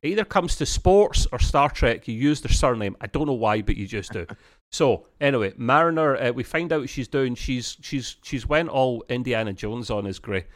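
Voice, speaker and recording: A man talks through a TV episode on a casual review podcast, his voice sitting at an ordinary middle pitch. He rambles, restarts his sentences and fills gaps with ums, breaking into laughter now and then. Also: expressive, normal speed, few pauses. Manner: rambling, full of restarts and fillers, laughs often.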